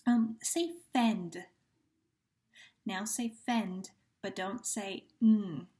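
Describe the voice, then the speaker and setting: This is a phonemic awareness lesson for young children led by a woman teacher whose pitch is typical for a woman. She speaks at a purposely slow pace, drawing each word out, and patiently guides sound drills while praising gently.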